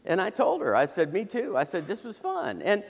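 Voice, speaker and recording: Lively high-voiced man telling comic stories. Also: moderate pace, creaky. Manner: comic, conversational delivery with many restarts. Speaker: keynote speaker. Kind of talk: humorous keynote storytelling. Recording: reverberant hall.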